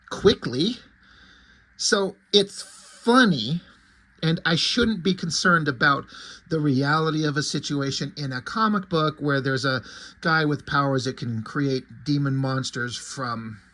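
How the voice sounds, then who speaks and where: Man, comic book reviewer, casual rambling chat, jokes and swearing, fairly high voice. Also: measured pace, fairly bright tone.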